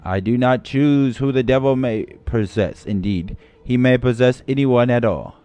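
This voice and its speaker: A man's voice: medium pitch, moderate pace, mellow, clean tone, lightly acted. A man voicing a stern, zealous male judge who hunts witches, cold and commanding, as he reads a game story aloud on a livestream.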